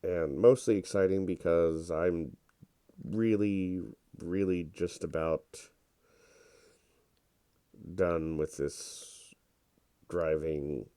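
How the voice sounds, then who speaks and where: A congested man talks through his gameplay in a relaxed, rambling way. His voice is deep, mellow and smooth, and he takes his time. The recording is dry and close. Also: very slow, pauses often, no room sound. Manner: relaxed, rambling and self-deprecating. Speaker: gameplay commentator. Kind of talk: casual gameplay commentary.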